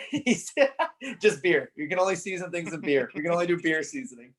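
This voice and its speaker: A man's voice: on the high side, normal speed, a bit bright, slightly rough. A young man as a podcast guest, rambling in casual chat with lots of "like". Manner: rambling, many "like" fillers, laughs. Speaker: podcast guest, hockey player.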